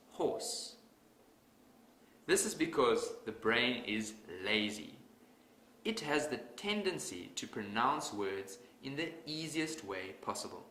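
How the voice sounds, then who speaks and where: Slow, lively-voiced man teaching pronunciation. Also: medium pitch, slight background noise. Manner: measured, deliberate, emphatic on example words. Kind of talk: scripted instructional talk. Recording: echoey room with faint ambience.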